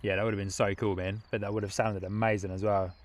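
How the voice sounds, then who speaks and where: A man's voice: on the low side, flat delivery, fast talker. A young man casually hosting a live stream outdoors at an airport, reading viewer comments aloud and laughing often. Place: outdoors at an airport viewing spot.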